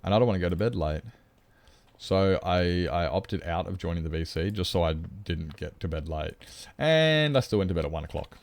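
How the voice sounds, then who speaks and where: Playful gravelly man streaming live. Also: lively intonation, moderate pace. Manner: playful, teasing, mock-whiny, squeaking up high when joking. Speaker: livestreamer. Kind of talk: casual livestream chat with viewers.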